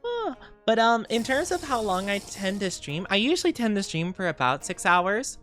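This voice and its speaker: A woman's voice: medium pitch, big pitch swings, normal speed, a bit bright, faint music behind. A tired woman streamer rambling and giggling in casual chat, greeting viewers as she goes.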